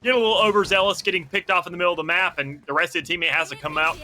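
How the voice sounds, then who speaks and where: A man's voice: high-pitched, steady tone, very fast, pushed and bright. A man giving live esports color commentary in long analytical run-on explanations.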